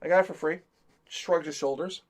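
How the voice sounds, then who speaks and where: A man's voice: a little high, fairly even intonation, fairly quick. A man telling a comic story as a live-stream co-host, talkative, laughing through it and acting out the quotes.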